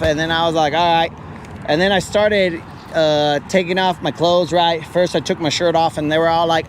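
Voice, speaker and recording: A man's voice: fairly high pitch, moderate pace, slight background noise. Joking man telling a story outdoors. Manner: joking, self-mocking, acts out quoted voices. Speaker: podcast host. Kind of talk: casual storytelling. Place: outdoors, fishing from a kayak.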